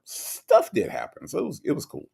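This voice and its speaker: A livestream host greets viewers by name and reads their comments aloud in a relaxed manner that swings between quiet mumbles and sudden loud bursts. His voice is fairly high, gravelly and husky, at a normal speed.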